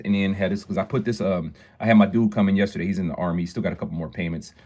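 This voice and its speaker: A man's voice: low-pitched, fairly even intonation, racing, hardly any pauses, warm tone. A man, a jeweler, chatting casually and upbeat with viewers on a phone live stream from his shop. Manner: talkative and upbeat, greets viewers often.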